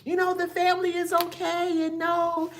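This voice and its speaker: A woman mimicking a person who pretends everything is fine, in a high, breezy, falsely cheerful voice. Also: completely flat delivery, normal speed, recorded from a distance, slight background noise. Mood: mock cheerful.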